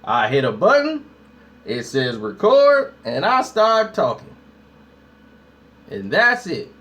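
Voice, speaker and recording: Man, live streamer, casual chat to viewers, slangy and hyped, high-pitched, slow delivery. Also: wildly swooping pitch, fairly bright tone. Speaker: YouTube host.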